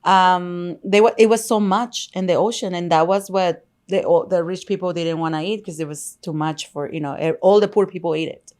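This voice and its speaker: A woman's voice: fairly low pitch, fairly even intonation, moderate pace, hardly any pauses, darkish tone. A woman with a Spanish accent, a native Spanish speaker, co-hosting a podcast in casual chat and laughing easily. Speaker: podcast co-host.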